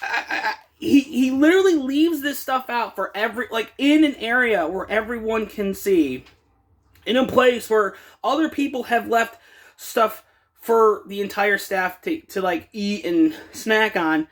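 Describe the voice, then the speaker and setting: A man casually telling a work story for a vlog, animated and acting out the dialogue. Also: sits high, unhurried. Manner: animated, retelling with quoted dialogue.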